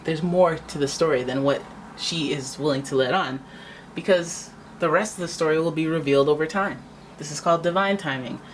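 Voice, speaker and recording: Woman tarot reader, low voice, chatty and theatrical, faint hiss behind. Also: fairly quick, low-quality recording. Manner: chatty, dramatic, acts out quoted voices. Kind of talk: casual tarot reading.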